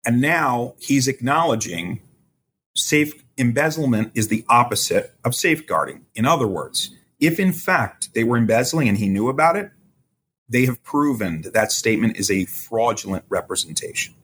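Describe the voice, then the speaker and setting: A man as a legal expert guest, explaining courtroom rules in a measured way and quoting testimony. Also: mid-range voice, sing-song, fairly bright tone, slight background noise. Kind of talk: podcast interview analysis.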